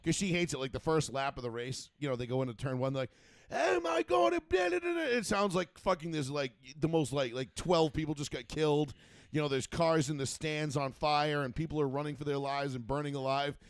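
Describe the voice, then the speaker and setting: A man hosts a sports talk show with a slightly raised pitch, tumbling through rambling, profane banter. His voice is close and dry, with no room sound around it. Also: steady tone, fairly quick, smooth, no echo. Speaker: host.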